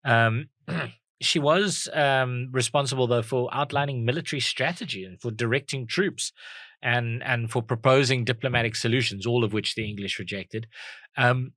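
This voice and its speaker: Man telling a history story, halting. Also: medium pitch, a bit bright, no echo. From South Africa. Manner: storytelling with many ums and restarts. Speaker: podcast co-host. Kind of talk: casual comedy podcast chat.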